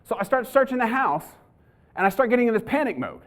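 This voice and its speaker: A man's voice: very high voice, big pitch swings, fast, a bit bright. A middle-aged police trainer, giving a live training talk to an audience and telling stories as he goes. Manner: conversational storyteller, acts out his own panic. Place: university lecture hall.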